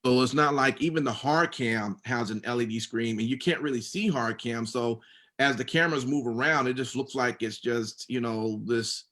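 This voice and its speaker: A man co-hosting a laid-back wrestling podcast, reading out rules and then drifting into loose, filler-heavy talk. His voice sits at an ordinary middle pitch for a man. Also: moderate pace, fairly bright tone. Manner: reads rules out then rambles with many fillers. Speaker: podcast co-host recapping wrestling. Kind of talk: casual podcast chat.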